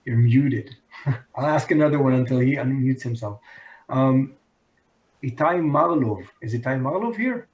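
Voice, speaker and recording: A man moderating audience questions on a video call, brisk as he calls on people. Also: mid-range voice, lively intonation. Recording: dull, roomy, distant video-call audio.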